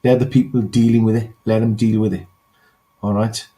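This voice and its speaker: A man's voice: lowish voice, level tone, normal speed, dark tone, slight background noise. An English man hosting a livestream rant, who keeps checking in with "all right?" and pleads with his listener. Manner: repeats "all right?", ranting then pleading. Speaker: host.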